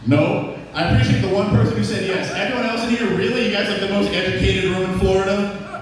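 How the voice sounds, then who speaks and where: A man's voice: sits high, fairly even intonation, fast talker. A man from Massachusetts with a Massachusetts accent, a stand-up comedian with a crude style who teases the crowd. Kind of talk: stand-up set. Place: comedy club. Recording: echoey club, far-off mic.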